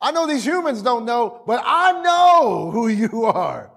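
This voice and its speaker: A man voicing a panicky male demon that pleads and begs, with drawn-out words. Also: extremely high pitch, big pitch swings, creaky, fairly bright tone, pitched above the performer's own voice, exaggerated voice. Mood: awed.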